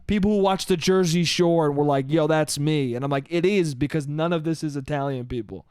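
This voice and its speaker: A man in his late twenties hosting a solo comedy podcast, telling stories in an animated, profane way. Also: on the high side, a little fast, smooth. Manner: profane, animated storytelling with put-on voices. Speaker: podcast host.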